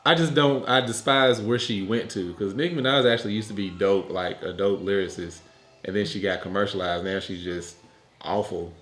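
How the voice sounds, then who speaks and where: A man co-hosting a podcast in casual chat, joking and telling animated stories with lots of laughter. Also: lowish voice, moderate pace. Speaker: podcast co-host. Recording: echoey room.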